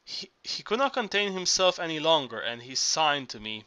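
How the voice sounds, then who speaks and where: A male audiobook reader with a bright, forceful voice that sits a bit high for a man. He narrates steadily but trips and restarts words often. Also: very animated, normal speed. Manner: frequent slips and restarts.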